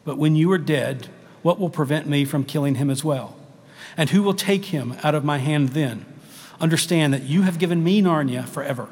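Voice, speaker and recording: A cruel witch queen gloats over her fallen enemy in a slow, quivering, taunting voice, as a male pastor reads her lines aloud from a storybook. The voice sits low and hushed, and a long hall reverb trails each phrase. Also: slightly rough. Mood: gloating, cruel.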